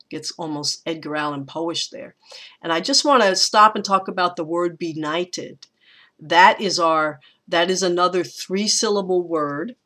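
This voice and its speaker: A woman with a fairly low voice gives a recorded poetry lecture. She talks in a thoughtful, unhurried way, pausing, restarting and filling gaps as she works through her points. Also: fairly bright tone. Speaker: teacher.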